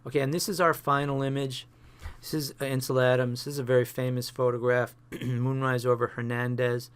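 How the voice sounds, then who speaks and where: Halting male photography instructor. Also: medium pitch, little pitch movement, clean tone. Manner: halting, many fillers and restarts. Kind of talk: classroom lecture on photos.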